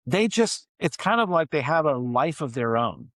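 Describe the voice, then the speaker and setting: A man, a communication scholar, explaining ideas in a measured, reflective way as a podcast guest. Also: fairly high pitch, big pitch swings, a bit bright, no echo, low-quality recording. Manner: measured, explanatory, with frequent restarts.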